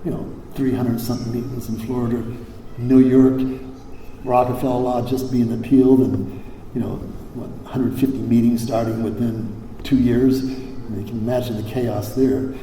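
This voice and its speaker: An older man from Hawaii gives a recovery convention talk in a mellow, relaxed voice, with lots of fillers, restarts and blunt salty words. His voice rings through a large echoey hall with a long reverb tail and a faint background hum. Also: mid-range voice, normal speed. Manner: rambling, many fillers and restarts, salty language. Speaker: convention speaker.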